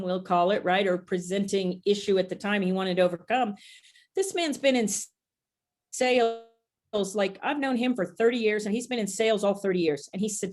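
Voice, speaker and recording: A woman guest, an NLP practitioner, casually telling stories about her clients, with lots of ums and restarts. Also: mid-range voice. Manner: rambling, frequent ums and restarts.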